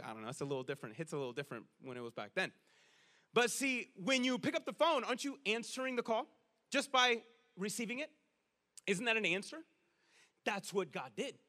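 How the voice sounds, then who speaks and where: A man preaching a sermon in an energetic, conversational way, often calling his listeners "guys.". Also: high-pitched, a little fast.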